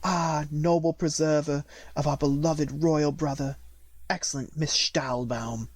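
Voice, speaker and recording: A man reading an audiobook, voicing tender young princess sisters in a soft, gushing, raised voice. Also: fairly high pitch, lively intonation, normal speed, no echo, lightly acted. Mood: tearful.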